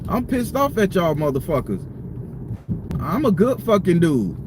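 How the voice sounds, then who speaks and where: A man's voice: sits high, sing-song, measured pace, noisy background. A man hosting a live stream from a parked car, venting in a heated, profane rant. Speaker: tarot reader and channel host.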